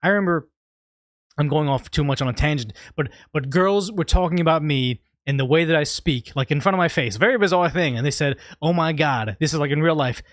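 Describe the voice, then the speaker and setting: Man, livestream host, somewhat high voice, dry close sound, rambling casual chat. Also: brisk, no echo. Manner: rambling, restarts and tangents. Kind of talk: casual livestream chat reading super chats.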